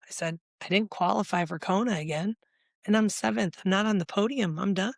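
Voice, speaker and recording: A middle-aged woman tells her own story in a podcast interview, candid and animated. She acts out old conversations as she goes, and her voice sits in the middle of the usual range for a woman. The sound is close and dry. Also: medium pitch, normal speed, gravelly, no echo. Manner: animated, acts out past dialogue, gets emotional. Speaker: guest, life coach.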